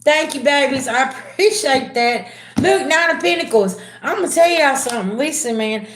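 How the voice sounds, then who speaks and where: Slangy woman tarot reader, roomy sound. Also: moderate pace. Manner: slangy, calls viewers "babies"; swings from low murmurs to loud excited bursts. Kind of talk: live-stream tarot reading. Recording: roomy echo.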